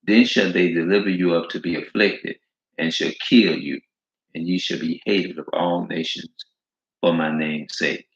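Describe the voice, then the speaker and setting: A man with a very low, gravelly voice preaches in a loose, slangy way, hammering each point by repeating it. He reads scripture aloud between his remarks. The sound is roomy and echoey, with a dull, lo-fi edge. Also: fairly even intonation. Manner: emphatic, repetitive, slangy, drawn-out stresses. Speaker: street preacher. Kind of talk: informal preaching with scripture reading.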